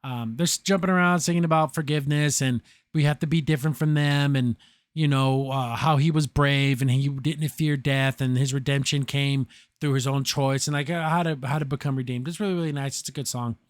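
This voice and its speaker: A man's voice: mid-range voice, steady tone, brisk, no echo. A man recapping an episode on a podcast, rambling and sarcastic, full of fillers and restarts. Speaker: podcast host reviewing a show.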